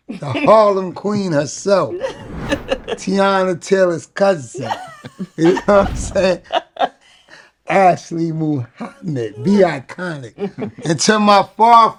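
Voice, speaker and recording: A man hosting a casual chat show, joking and boastful, often tagging lines with "you know what I'm saying". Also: high-pitched. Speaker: podcast host.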